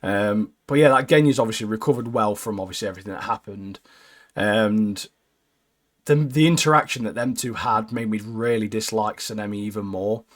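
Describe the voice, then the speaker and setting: A man recapping anime episodes in a casual podcast chat, animated and peppering his talk with "mate". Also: moderate pace. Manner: animated, keeps adding "mate", jumps into high squeaky voices when quoting characters. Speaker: podcast co-host.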